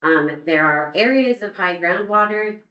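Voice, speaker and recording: A woman giving a public comment at a meeting, congested and gravelly, speaking carefully and a little nervously. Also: medium pitch, lively intonation, a little slow, fairly bright tone. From United States. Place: council chamber. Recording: dull, roomy meeting audio from far off.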